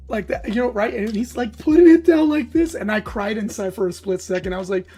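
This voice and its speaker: Animated male stream host. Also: high-pitched, fast talker, hardly any pauses, slightly rough, soft background music. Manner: animated storyteller who acts out other people. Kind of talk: casual livestream chat.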